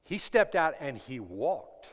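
A man preaching a sermon to his congregation, swinging between loud emphatic lines and hushed ones and asking them questions. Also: mid-range voice, sing-song, takes it slowly. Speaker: pastor. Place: church sanctuary. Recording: long reverb of a large hall.

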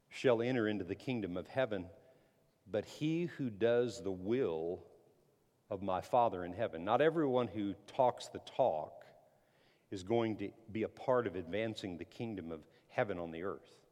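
A man's voice: on the low side, darkish tone, long reverb tail. A man preaching a sermon as pastor, earnestly reading scripture aloud and building emphasis.

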